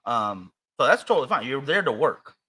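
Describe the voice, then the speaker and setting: A man's voice: medium pitch, sing-song, moderate pace, pushed and bright, husky. A man with an American accent co-hosting a podcast in casual chat, rambling and hesitant with many fillers and restarts. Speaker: podcast co-host.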